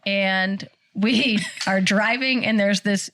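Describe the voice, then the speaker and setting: A woman co-hosting a podcast, telling a funny story in a casual chat and acting out the quotes with big jumps in pitch. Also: slow, a bit bright. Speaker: podcast co-host.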